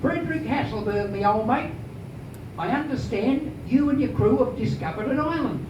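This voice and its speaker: A man's voice: very high voice, lively intonation, normal speed, voice pushed up. A man voicing a portly, scheming colonial shipping man who talks in a showy, coaxing way. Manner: showy, coaxing, slyly persuasive. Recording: echoey, distant, dull noisy room recording.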